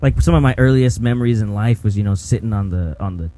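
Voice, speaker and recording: A man's voice: lowish voice, fast talker, mellow, rough recording. A young man from Mexico City, a guest telling his story in a loose, casual way, with lots of fillers and restarts. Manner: rambling, many fillers and restarts. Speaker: guest, pro skater. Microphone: video call.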